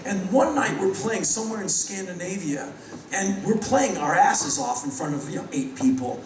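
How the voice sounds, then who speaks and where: High-voiced man telling stories onstage. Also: background noise. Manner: animated, rapid anecdotes acting out others' lines. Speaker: spoken-word performer. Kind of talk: live spoken-word storytelling. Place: stage in a large hall with a live audience. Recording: echoey hall, mic from a distance.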